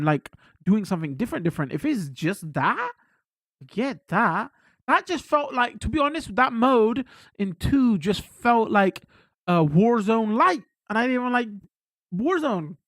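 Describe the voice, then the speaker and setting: A high-pitched British man rambles through a casual live-stream chat. He is excitable and swears freely. His voice sounds close and dry, with no room around it. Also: dry recording.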